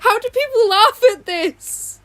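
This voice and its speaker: This woman streamer's very high-pitched voice is animated and a bit bright, though her pace is a little slow. Chatting from her bedroom as she draws, she rambles, giggles, and keeps apologising over the hum of a fan.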